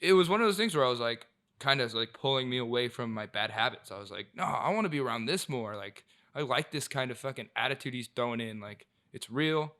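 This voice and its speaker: A man's voice: mid-range voice, animated, a little fast, bright, forceful tone. A young man co-hosting a casual podcast, reflecting earnestly on his friends and quoting what they said. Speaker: podcast co-host. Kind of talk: casual chat.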